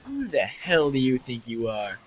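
A man's voice: mid-range voice, huge pitch swings, a little slow, soft background music, poor audio. A young man giving casual, joking commentary while playing a video game, sarcastically mocking the characters. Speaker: let's play commentator.

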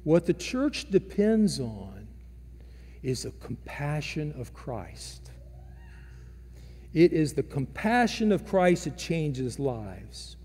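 Slow-preaching man in an echoing church. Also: a little high, big pitch swings, slightly rough. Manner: slow, dramatic preaching with big swings in loudness. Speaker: pastor. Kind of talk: sermon. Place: large church sanctuary. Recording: long reverb of a church hall.

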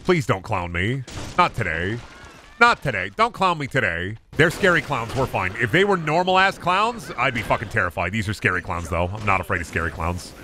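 A man doing casual, profane gaming commentary, breaking into loud angry outbursts and jokey rants. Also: fairly low pitch, big pitch swings, fairly quick, slight background noise. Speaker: gaming streamer.

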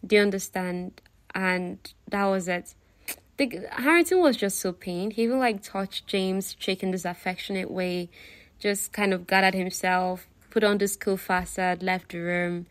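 A woman's voice: mid-range voice, measured pace, no echo. A woman casually retelling a novel, chatty and full of fillers, often asking the listener questions. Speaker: book retelling narrator.

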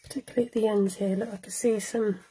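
A woman's voice: mid-range voice, steady tone, fast talker, dark tone, breathy edge, poor audio. A chatty woman giving a live cardmaking tutorial, laughing often and greeting viewers by name as she works. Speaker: cardmaking demonstrator. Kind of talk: live-streamed craft tutorial.

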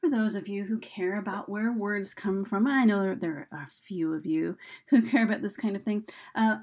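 A woman's voice: fairly high pitch, gravelly, darkish tone, breathy edge. A woman teacher giving a recorded slideshow lesson, chatty and full of ums and uhs. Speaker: high school English teacher.

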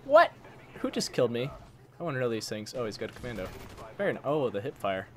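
A man's voice: mid-range voice, sing-song, fast talker, a little mellow, slight background noise. A man giving casual live commentary while playing a shooter, grumbling at opponents and swapping in mild stand-ins for swear words. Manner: frustrated, mild swearing substitutes, talks to enemies. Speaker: gaming channel host.

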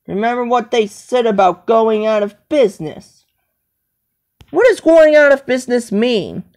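A medium-pitched, darkish voice rambles to itself on a home video. The person repeats things and lists them over and over in a self-talk monologue.

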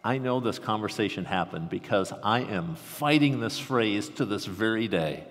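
A man with a Midwestern American accent preaching a conversational sermon, swinging between animated excitement and hushed intensity. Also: fairly low pitch, normal speed, hardly any pauses. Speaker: pastor. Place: large church sanctuary. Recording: reverberant sanctuary sound.

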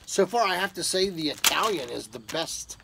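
A man's voice: high-pitched, animated, moderate pace, creaky, background noise. A man opening a gift box of pipe tobacco and coffee, talking casually to his viewers with enthusiastic drawled exclamations. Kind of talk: casual unboxing talk to camera.

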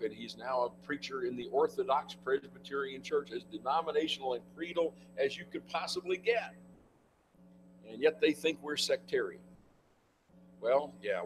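An older man giving a conversational church lecture, with wry asides. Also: mid-range voice. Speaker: guest speaker. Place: church meeting room. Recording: noisy room recording with hum.

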